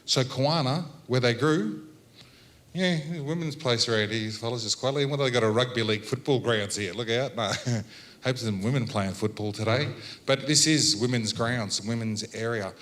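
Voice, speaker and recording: An Australian man addressing a symposium audience in a loose, storytelling way. He jokes, laughs between points and keeps his voice at an everyday middle pitch. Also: moderate pace, a bit bright. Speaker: Welcome to Country speaker. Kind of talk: relaxed public address with storytelling. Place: health symposium.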